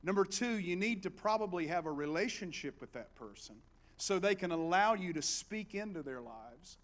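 A middle-aged man preaches with an Appalachian accent, in a voice set a little high for a man. He moves from quiet, close storytelling to loud, rousing exhortation. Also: moderate pace. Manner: animated, with big swings between hushed storytelling and loud exhortation. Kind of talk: sermon.

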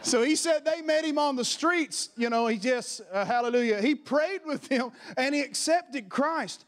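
Speaking at a moderate pace, a high-voiced male preacher delivers a church sermon full of fervent conviction. He weaves personal anecdotes into scripture and keeps addressing the congregation, directly urging them to respond.

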